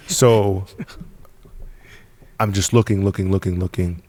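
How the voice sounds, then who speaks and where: A man's voice: deep voice, steady tone, moderate pace, warm tone. A man talking as a podcast guest, telling his story in an emphatic, punchy way with repeated phrases. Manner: emphatic, repetitive, punchy storytelling with frequent laughs. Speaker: podcast guest, business founder. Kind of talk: casual storytelling in conversation.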